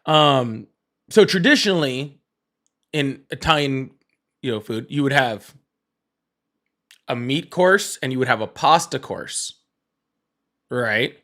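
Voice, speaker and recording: A man's voice: medium pitch, lively intonation, takes it slowly, long pauses, a bit bright. A man hosting a casual livestream, rambling with many fillers and restarts, greeting chat viewers by name and swearing offhand. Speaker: livestream host.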